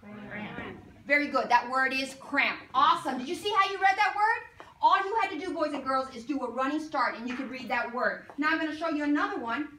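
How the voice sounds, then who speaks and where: A woman with a high, bright, animated voice teaches a phonics lesson to a class, drawing out each letter sound and coaxing the children with questions. The recording is distant, made in a roomy classroom with faint background noise.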